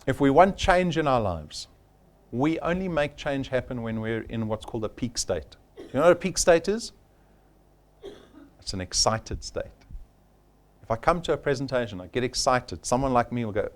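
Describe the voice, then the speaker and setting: A man's voice: medium pitch, expressive, moderate pace, pauses often. A man giving an emphatic, punchy sales training talk at a live workshop, repeating his key points.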